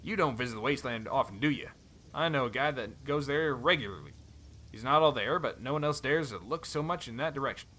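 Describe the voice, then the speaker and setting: A man voicing a rough, friendly male mercenary from a fantasy game, with a put-on cowboy drawl and a folksy, sly way of talking. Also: medium pitch, expressive, a little fast, pushed and bright.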